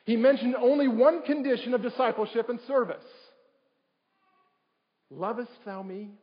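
A male pastor with an extremely high voice preaches a sermon at a slightly slow pace, frequently putting questions to his congregation. The audio is a dull livestream recording captured in a reverberant church sanctuary.

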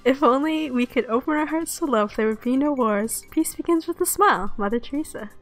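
A woman's voice: a little high, lively intonation, fairly quick, soft background music. A woman voicing a goofy, smug teenage prankster girl who teases in a sing-song, mock-sincere way.

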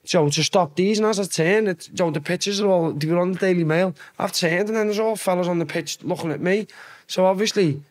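A man's voice: high-pitched, a little fast. Swearing Scouse man telling stories. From Liverpool, England. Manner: swearing, animated storyteller. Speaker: guest, former footballer. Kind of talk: casual storytelling.

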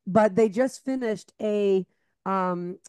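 A woman co-hosting a casual podcast chat, telling lively stories and acting out what people said. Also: mid-range voice, takes it slowly, smooth, no room sound. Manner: lively storyteller, acts out quotes. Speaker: podcast co-host.

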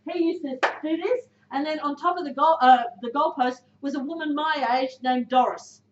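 Brief: woman, high voice, blunt punchy coach talk, dull lo-fi room sound. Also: reverberant, slight background noise. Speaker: speaker addressing a football team. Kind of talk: motivational talk. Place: indoor room with a team.

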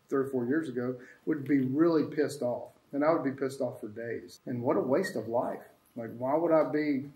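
A man's voice: mid-range voice, a little mellow, reverberant. A man hosting a casual spiritual talk, rambling and reflective in an easygoing way. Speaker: host. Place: sanctuary room with friends.

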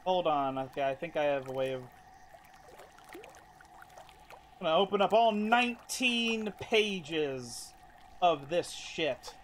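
A man's voice: a little high, lively intonation, slow, long pauses, a bit bright, a little hiss or hum. A man streaming a video game, talking casually, exasperated and swearing heavily. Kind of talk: casual live-stream commentary.

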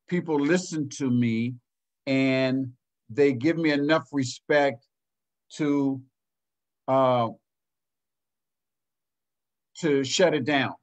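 A man from Ohio, a basketball coach and program director, telling a story in a casual panel talk with a folksy, earnest manner, acting out what people said. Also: on the high side. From United States. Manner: folksy, earnest, acts out quoted lines.

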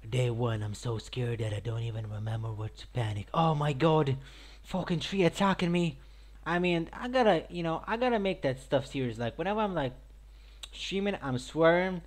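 Rambling excitable man commenting on gameplay. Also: normal speed. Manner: rambling and excitable, with sudden loud high shouts; says "like", "mate" and "I guess" often. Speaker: gaming YouTuber.

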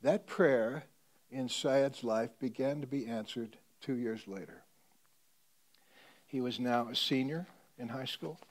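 A man preaching a sermon as a pastor, telling a story and swinging between loud emphasis and hushed tones. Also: mid-range voice, takes it slowly.

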